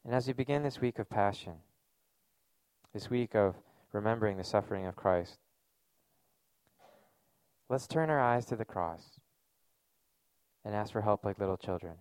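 A man's voice: lowish voice, moderate pace, long pauses, a little mellow, smooth, no echo. A man giving a sermon as a pastor, speaking in a conversational, earnest way with casual fillers.

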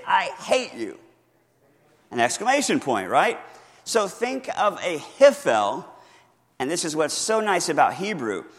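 A man preaching in a church sanctuary, his voice a touch higher than most men's. He teaches in an easy, conversational way, asks the congregation questions and leans hard on key words. Long reverb from the hall trails every phrase. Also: a bit bright. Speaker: pastor. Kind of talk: sermon teaching from notes.

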